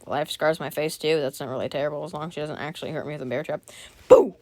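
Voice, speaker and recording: Read like a woman sharing a spooky story with her viewers, voice set a little low for a woman, the sound dry and close with no room around it. She keeps breaking off mid-sentence for jokes and quick apologies, then drops back into the story. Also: steady tone, no room sound. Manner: breaks off reading to joke, comment and apologize. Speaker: channel host reading a scary story aloud. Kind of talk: casual read-aloud with chatty asides.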